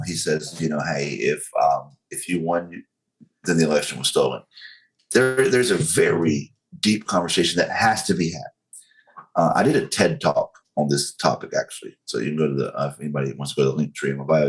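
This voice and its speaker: Low-voiced earnest man explaining. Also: low-quality recording. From United States. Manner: earnest, explaining with analogies, many fillers. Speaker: podcast guest. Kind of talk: casual podcast conversation.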